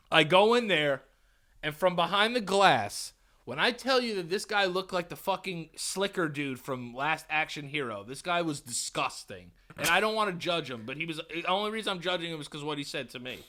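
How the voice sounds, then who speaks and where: A man's voice: fairly high pitch, normal speed. A young man, co-hosting a podcast and telling a swear-filled story in casual chat. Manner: animated storytelling, heavy swearing. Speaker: podcast co-host.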